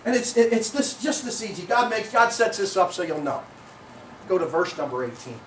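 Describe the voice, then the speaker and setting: A man's voice: high voice, sing-song, normal speed, fairly bright tone, a little hiss or hum. A middle-aged man preaching a sermon as pastor, rambling and correcting himself with many fillers. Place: church sanctuary. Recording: roomy church sound from a distant mic.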